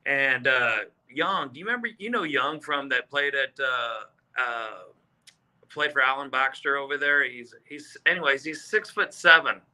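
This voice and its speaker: A man in his fifties from South Texas, a golfer guest telling stories in casual chat, animated and full of fillers, acting out quotes. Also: mid-range voice, moderate pace. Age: 50s. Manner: animated storyteller, acts out quotes, many fillers. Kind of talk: casual storytelling.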